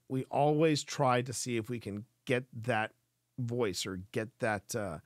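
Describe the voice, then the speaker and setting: A man talks to his live-stream chat in a casual, earnest, explanatory way. His voice sits at a medium pitch. The sound is dry and close, with no room echo.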